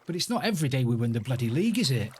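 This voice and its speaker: A man's voice: mid-range voice, sing-song, very fast, a little mellow, slight background noise. Chatty man streaming a game. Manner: chatty, rambling, greets viewers by name. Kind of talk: casual live-stream chat while playing.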